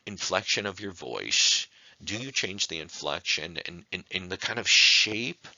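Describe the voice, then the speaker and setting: Man, speech instructor: low, gravelly voice, lively pitch, talks in rhetorical questions. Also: no echo, muffled recording. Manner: conversational, with many fillers and rhetorical questions. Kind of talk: recorded online lecture.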